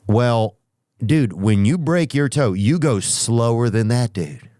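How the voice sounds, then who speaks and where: A man hosting a podcast, telling rambling comic stories with profanity and drawn-out asides. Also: medium pitch, lively intonation, mellow, no room sound, studio quality. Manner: profane, drawn-out asides, sudden character voices. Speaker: podcast host.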